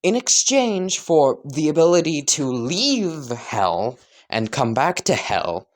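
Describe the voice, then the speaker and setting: A man's voice: on the high side, very animated, takes it slowly, voice pushed up. A man voicing a young demon brother from hell who bargains over a contract, casual and swearing. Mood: bargaining. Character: demon twin brother freed from hell, scheming.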